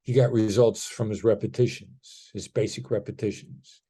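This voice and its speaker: In a podcast interview, a middle-aged negotiation expert appears as a guest, explaining ideas conversationally. His voice is lowish, level and mellow with a slight roughness, at a normal speed. He's demonstrative, acting out tone shifts in his examples.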